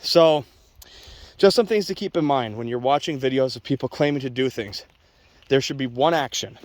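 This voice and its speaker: A man speaking to camera outdoors as a dog trainer, blunt and opinionated in a casual vlog way. He talks straight to his viewers at an everyday pitch. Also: moderate pace, no room sound.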